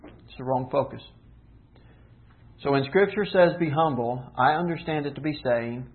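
A man preaching a sermon, teaching earnestly with rhetorical questions and slowing down for emphasis. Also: mid-range voice. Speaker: pastor. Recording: tinny phone-like sound.

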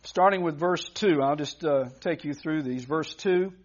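A man's voice: on the high side, unhurried, hardly any pauses. Earnest preaching man, lo-fi sound. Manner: earnest, emphatic preaching with frequent restarts. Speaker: pastor. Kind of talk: sermon. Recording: dull lo-fi recording.

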